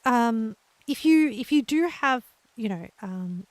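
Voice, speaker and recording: Slow-talking Australian woman, dry close sound. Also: on the high side, lively intonation, dry recording. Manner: gentle, encouraging, laughs often. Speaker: livestreamer. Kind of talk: casual chat with live viewers.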